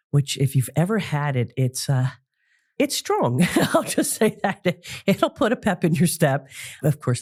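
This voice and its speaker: A middle-aged woman hosting a podcast, talking casually and warmly about family memories with frequent fillers and laughs. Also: deep voice. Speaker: podcast host and psychic medium. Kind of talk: casual solo podcast talk.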